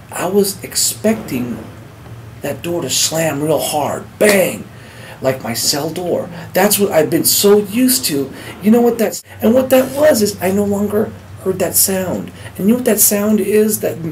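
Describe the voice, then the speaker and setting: A man's voice: on the high side, a little mellow, slight background noise, low-quality recording. A middle-aged man giving a heartfelt personal testimony, restarting and repeating words as he talks. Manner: earnest, heartfelt storytelling. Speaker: speaker sharing a recovery story.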